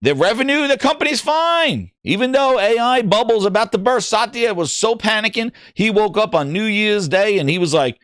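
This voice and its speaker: A man's voice: high voice, expressive, moderate pace, a bit bright, dry recording, clean studio sound. A man hosting a gaming livestream, talking casually, reading chat aloud and joking in mocking voices.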